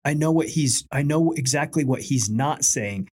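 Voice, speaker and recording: Husky, halting ex-cop man. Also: medium pitch, a little mellow. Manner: reflective, halting, repeats his words. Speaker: former police officer. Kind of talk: casual podcast chat.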